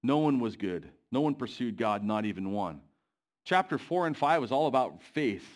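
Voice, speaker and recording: A man delivering a sermon in a church, often pausing to put questions to the congregation. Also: medium pitch, expressive. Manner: asks the congregation questions, pacing varies. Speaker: preacher.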